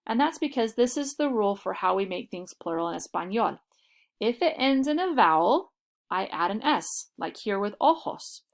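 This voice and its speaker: A woman teaching a Spanish vocabulary lesson, explaining patiently and saying model phrases slowly and clearly. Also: medium pitch, sing-song.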